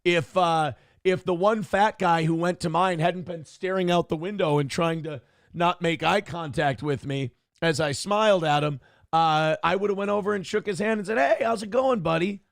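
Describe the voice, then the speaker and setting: A man's voice: on the high side, fairly even intonation, moderate pace, creaky, smooth, no room sound, clean studio sound. A man hosting a stream, ranting in a snarky, smug, mocking way. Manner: mocking, taunting asides. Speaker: streamer host. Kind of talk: casual ranting commentary.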